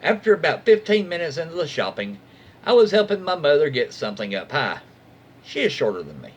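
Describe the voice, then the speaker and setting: A man reads internet stories aloud in a slightly high, very lively voice. He keeps it casual, breaking off to react and comment on what he reads. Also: fairly quick, breathy edge. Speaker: reddit story reader. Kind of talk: casual story reading.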